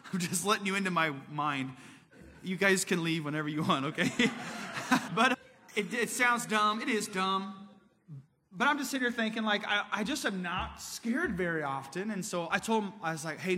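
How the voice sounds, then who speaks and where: Bright-voiced male preacher in a hall. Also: a little high. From Indiana. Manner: conversational, storytelling. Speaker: pastor. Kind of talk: sermon.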